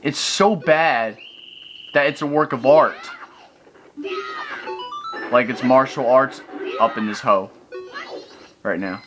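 This let's play gamer has a mid-range voice and a slow pace, pausing often. The young man narrates his gameplay over video game music, ranting in exasperation with frequent exclamations.

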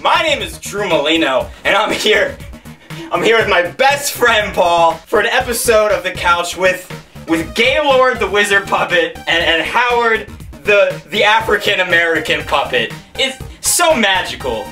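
A man rants goofily in mock-serious tones, often stumbling over his restarts. His voice is bright and sharp, with a lively, swinging pitch. He sounds distant from the mic, with faint music behind. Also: measured pace. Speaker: guest co-host. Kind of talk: absurd comedy rant.

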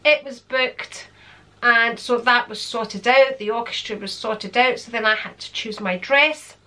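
Bright-voiced woman in her sixties. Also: a little high, a little slow. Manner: chatty, digressive, with frequent fillers. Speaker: vlogger. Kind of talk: casual storytelling.

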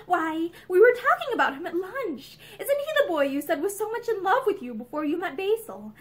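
A playful young woman with a knowing, teasing manner, put on by a woman reading aloud. Her voice sits high and swoops lively up and down. It sounds like a storybook reading. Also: moderate pace.

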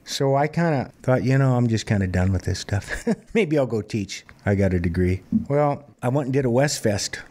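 A man in his fifties from Montana, a singer-songwriter telling plainspoken stories in a relaxed interview. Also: mid-range voice, normal speed. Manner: relaxed, plainspoken anecdotal storyteller. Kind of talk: conversational storytelling interview.

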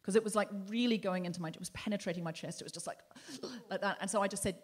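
A woman's voice: mid-range voice, fast. A woman hosting a live comedy podcast on stage, telling a story and acting out other people's lines. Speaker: podcast host. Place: theatre stage before a live audience.

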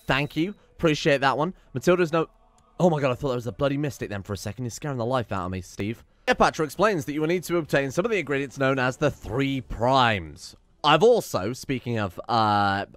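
A man's voice: mid-range voice, fairly bright tone, no room sound. Sarcastic man narrating a strategy game. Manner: playful, sarcastic, swears, reads game text aloud. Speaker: gaming YouTuber. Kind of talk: strategy game let's play commentary.

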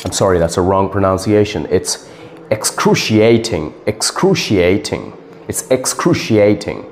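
A man playing a stern English teacher who spells words letter by letter and repeats them slowly and formally. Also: low-pitched, in a large hall, a little hiss or hum. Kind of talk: comedic sketch acting.

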